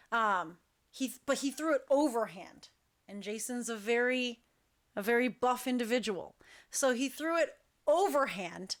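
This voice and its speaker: A woman who directs a dance crew, telling an animated, chatty story full of "like" fillers. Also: fairly high pitch. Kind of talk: casual storytelling.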